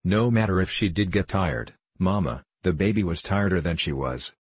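A man reading an audiobook, voicing a small earnest girl with slow, childlike questions. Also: sits low, husky, no room sound.

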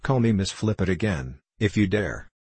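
A man with a husky voice reading the lines of an angry, defiant little girl in a storybook. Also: sits low, lively intonation, moderate pace, a little mellow, dry recording. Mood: furious. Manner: indignant, pleading.

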